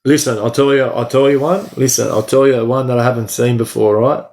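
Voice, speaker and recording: A man's voice: medium pitch, fairly even intonation, brisk, darkish tone. Australian man chatting on a livestream. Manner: slangy, talks to chat by name, says "bro" a lot. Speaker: livestream host. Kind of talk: casual livestream chat with viewers.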